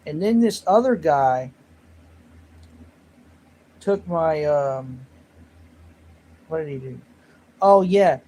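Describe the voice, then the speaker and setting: A man's voice: on the high side, animated, drawn-out words, pauses often, warm tone, low-quality recording. A man hosting his own livestream, rambling and joking about himself while reading the chat. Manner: rambling, self-mocking, reads chat aloud. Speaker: livestream host.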